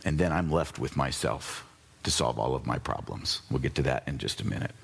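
A man preaching a sermon as pastor, talking casually and conversationally, jumping between excited high bursts and low earnest asides. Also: fairly quick, creaky, breathy edge.

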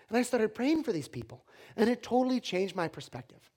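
A male preacher giving a sermon with a personal story, joking at his own expense. His delivery is animated, rising loud and dropping quiet. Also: high-pitched, fairly quick, breathy edge. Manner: animated, self-deprecating humor.

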